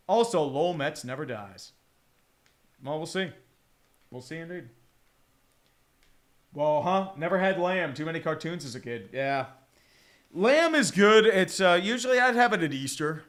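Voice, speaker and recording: A man with a high, bright, sharp-edged voice, chatting loosely on a live stream while he watches a football game. He rambles, curses often, and breaks into quick play-by-play calls. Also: expressive. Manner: rambling, profane, chatty with viewers.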